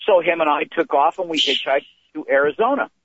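An older man tells long, rambling stories with an animated, slightly high voice. His voice is dry and close, squeezed through a tinny phone line. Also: fairly quick, husky, no room sound. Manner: rambling, animated storytelling with restarts. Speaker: comedian guest. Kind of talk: anecdotal storytelling. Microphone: phone call.

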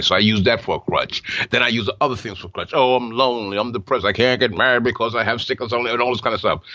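A man's voice: medium pitch, sharp tone, no room sound. Male Christian radio host, heartfelt, stammers, dry close sound. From New York. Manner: earnest, heartfelt testimony with stammered restarts. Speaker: radio talk show host. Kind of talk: Christian call-in radio talk. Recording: muffled broadcast audio.

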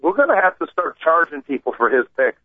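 Fast-talking man on a tinny line. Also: on the high side, no room sound. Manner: animated storyteller, acts out quoted people. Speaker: radio co-host. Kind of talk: casual sports radio banter.

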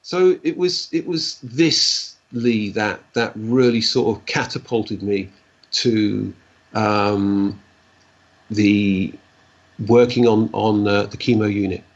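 A man, a guest telling stories in a rambling, animated way and acting out the dialogue. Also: on the low side, slow pace. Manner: rambling, animated storyteller who acts out dialogue. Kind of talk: casual storytelling. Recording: dull lo-fi recording.

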